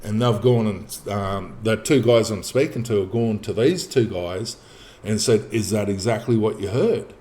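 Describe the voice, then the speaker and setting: A man in casual spoken storytelling, profane and animated, acting out the dialogue as he tells it. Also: fairly low pitch, measured pace. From Australia. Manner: profane, animated, acts out dialogue in his telling. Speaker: podcast guest telling a personal story.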